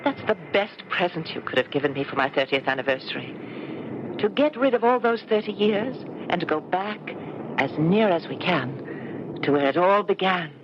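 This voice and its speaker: A woman's voice: lowish voice, expressive, moderate pace, natural voice. An actress playing a playful Frenchwoman of middle age, in a muffled radio drama. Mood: tender. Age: middle-aged. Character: middle-aged French wife, former resistance fighter, playful. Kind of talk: 1970s radio drama acting. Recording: muffled old radio broadcast with hiss.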